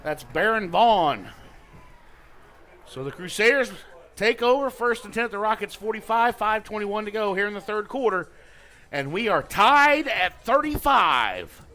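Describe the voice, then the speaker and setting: A man calling a high school football game live on radio as play-by-play announcer, with quick play calls that climb to shouts on big plays. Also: expressive, poor audio. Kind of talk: live radio sports commentary.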